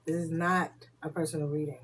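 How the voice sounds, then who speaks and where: This woman's low voice has a breathy edge and a flat, brisk delivery. She hosts a loose, casual live spiritual reading, chatting, laughing, swearing freely, and frequently slipping into muttered remarks to her viewers.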